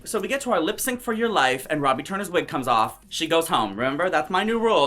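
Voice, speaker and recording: Brash campy drag queen, very animated. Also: a little high, fast, few pauses. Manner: brash, campy, profane, theatrical; mimics others' voices in quotes. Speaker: drag queen recapping a TV show. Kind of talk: sassy casual commentary.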